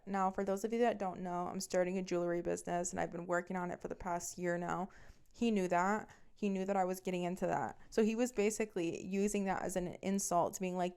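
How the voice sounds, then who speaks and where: Smooth-voiced young woman venting a story. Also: lowish voice, steady tone, fast, a little mellow. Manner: profane, emphatic, venting. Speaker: podcast host. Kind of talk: casual storytelling.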